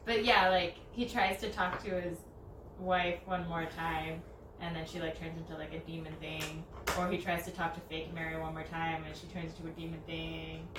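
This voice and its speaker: A young woman chats casually during a craft session, giggling and rambling through a long story in bursts of animated quoted voices. She sits well back from the mic in a roomy, echoing space. Steady noise hangs behind her. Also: deep voice, normal speed. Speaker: DIY crafter. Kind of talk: casual chat. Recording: echoey, distant, noisy room mic.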